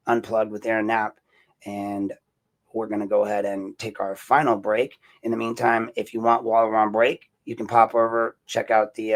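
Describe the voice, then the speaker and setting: A man with a raspy, deep voice hosting an opinionated solo podcast, talking in an indignant, rambling way and repeating himself. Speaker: podcast host.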